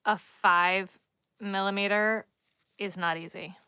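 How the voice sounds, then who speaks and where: A woman's voice: medium pitch, steady tone, takes it slowly, pushed and bright, smooth, no echo. A woman with a Long Island accent hosting a crochet live stream, chatting casually and thinking aloud as she works and reads the chat.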